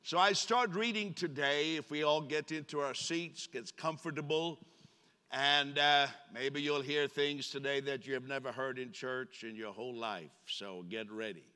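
Male pastor, lively joking sermon, bright tense voice, long reverb of a church sanctuary. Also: medium pitch, normal speed, clear, resonant tone. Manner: animated, joking with the congregation.

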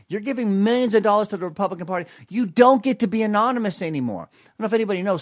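A man hosting an opinionated political commentary show, talking in an emphatic, sarcastic way. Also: sits high.

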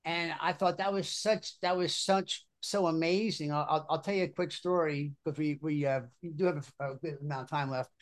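A middle-aged man, a football coach hosting a casual chat, telling stories in an animated way and often repeating his words. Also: fairly high pitch, normal speed, hardly any pauses.

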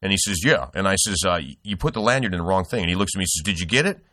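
A man's voice: low-pitched, lively intonation, rapid-fire, sharp tone, dry recording, clean studio sound. A middle-aged man hosting a podcast, telling a rambling, profane story with lots of restarts. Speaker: podcast host. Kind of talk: casual podcast chat.

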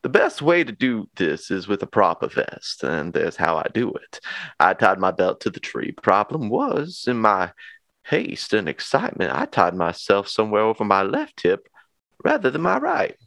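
A man's voice: fairly low pitch, wildly swooping pitch, normal speed, gravelly, fairly bright tone, no echo, exaggerated voice. Man doing a drawling Cajun hog hunter. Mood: rueful storytelling. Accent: put-on Cajun. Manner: folksy drawl, storytelling. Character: Louisiana male hog hunter telling a mishap.

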